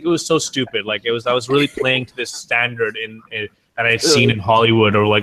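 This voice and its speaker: A man's voice: mid-range voice, steady tone, fast, hardly any pauses, sharp tone. A man, a streamer and podcast guest, telling stories in casual chat, rambling and swearing with many restarts.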